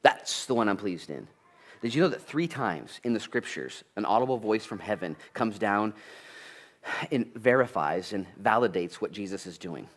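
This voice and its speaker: Male pastor, lowish voice, chatty sermon with jokes and loud bursts. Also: moderate pace. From United States. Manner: animated and conversational, with jokes, asides and sudden loud bursts.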